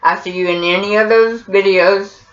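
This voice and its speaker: A man's voice: high voice, fairly even intonation, normal speed, fairly bright tone. A man from the United States with an American accent, hosting a casual how-to video and often hesitating with ums and repeated words. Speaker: vlogger. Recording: roomy, dull lo-fi sound.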